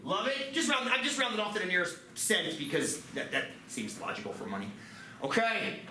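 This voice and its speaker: A man teaching a math class, lively and joking, with quick asides to his students. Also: sits high. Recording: roomy classroom, mic at a distance, background noise.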